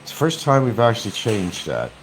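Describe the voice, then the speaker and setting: A man vlogging from a room in his home in casual chat, mocking and repeating his points slowly and deliberately. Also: on the low side, huge pitch swings, a little hiss or hum.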